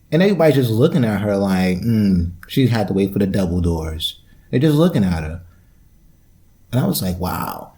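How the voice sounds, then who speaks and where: A young man hosts his own podcast alone, riffing from one gripe to the next with plenty of cursing and joking asides. His voice sits low and has a dark, mellow tone. He talks like he's unwinding in casual conversation, doubling back and trailing off. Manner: rambling, profane, loose and joking. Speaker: podcast host. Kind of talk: solo podcast rant.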